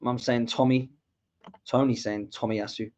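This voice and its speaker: A man from England commentating live on a match as a fan podcast host, reacting loudly to play and reading viewer comments. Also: medium pitch, unhurried, slight background noise. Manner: excitable, shouts at goals, reads out viewer comments. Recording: dull lo-fi mic.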